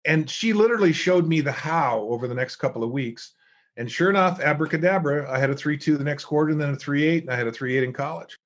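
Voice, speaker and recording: A middle-aged man, a guest author and speaker, telling lively stories in an interview and acting out the people he quotes. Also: fairly high pitch, quick pace. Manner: animated storyteller acting out quoted voices. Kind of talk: storytelling interview chat.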